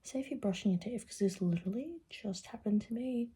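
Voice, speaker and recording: A woman's voice: medium pitch, fairly quick, mellow, breathy edge. A young woman vlogging in casual, rambling chat, swearing freely and often dropping into a whisper. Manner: rambling and profane, drifts into whispers.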